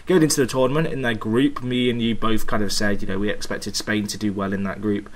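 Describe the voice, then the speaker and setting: A man co-hosting a podcast, giving measured, analytical football talk with some joking. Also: on the low side, fairly even intonation. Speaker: podcast co-host. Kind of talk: casual football chat.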